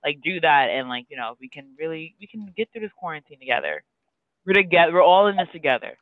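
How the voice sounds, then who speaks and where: A man's voice: on the high side, very animated, fast, dry recording. A man co-hosting a podcast in casual chat, rambling with lots of fillers. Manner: rambling, filler-heavy, breaks into sung lines. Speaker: podcast co-host. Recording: tinny phone-like sound.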